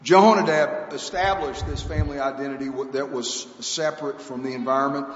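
A man's voice: mid-range voice, fairly even intonation, fairly quick. A man preaching a sermon in an earnest, emphatic, conversational way, repeating key phrases for weight. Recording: echoey hall, dull lo-fi sound, faint hiss.

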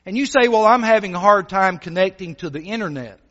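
Animated preacher in a reverberant church. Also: male voice, high voice, fairly quick. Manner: earnest, animated storytelling with many fillers. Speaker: visiting gospel preacher. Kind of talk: sermon. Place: church hall. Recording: dull sound, long church reverb.

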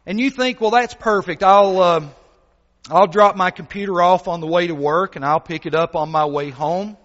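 A man preaching a sermon as a visiting gospel preacher, earnest and animated as he tells a story, with many fillers. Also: high-pitched, normal speed. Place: church hall. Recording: dull sound, long church reverb.

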